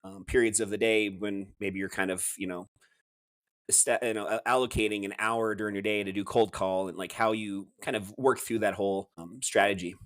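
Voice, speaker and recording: A man's voice: fairly low pitch, fairly even intonation, fairly quick, fairly bright tone. A man hosting a podcast, asking long, rambling questions with many fillers. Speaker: podcast host. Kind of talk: casual interview questions.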